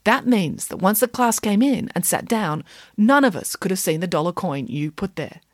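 A woman voicing a calm, precise schoolgirl who lays out her deductions. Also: medium pitch, normal speed, dry recording, clean studio sound, close to an everyday voice. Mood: coolly logical. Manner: calm, clipped, reasoning. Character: cool, precise schoolgirl detective.

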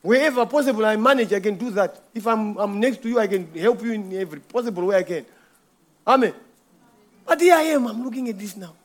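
A man's voice: high-pitched, expressive, brisk. A man giving an informal church testimony, telling a rambling story with frequent chuckles.

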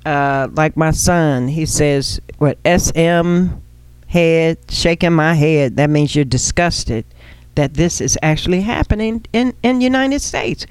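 A woman's voice: deep voice, a little mellow, clear, resonant tone, no echo. A middle-aged woman co-hosting talk radio, indignant and exasperated in banter. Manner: indignant, exasperated, quick to laugh. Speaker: radio co-host.

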